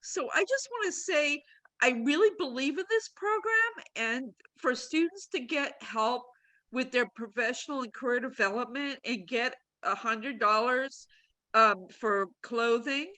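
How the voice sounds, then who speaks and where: A woman who directs a career program, giving halting, choked-up closing thanks on a video call, rambling with restarts. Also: sits high, animated, pushed and bright, low-quality recording.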